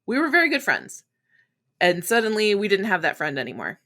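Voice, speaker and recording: A woman hosts her own podcast and talks straight to the listener in a frank, chatty monologue. She drops casual swears and slips into short acted-out voices. Her voice is bright and sits at a middle pitch. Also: huge pitch swings. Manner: acts out quoted voices in quick asides. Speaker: podcast host. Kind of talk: candid solo podcast monologue.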